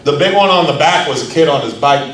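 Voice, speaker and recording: A man's voice: fairly high pitch, fast talker. Male stand-up comic in an echoey club. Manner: deadpan storytelling, sudden shouted outbursts. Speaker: stand-up comedian. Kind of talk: stand-up comedy set. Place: comedy club stage. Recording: very echoey, distant, noisy live club.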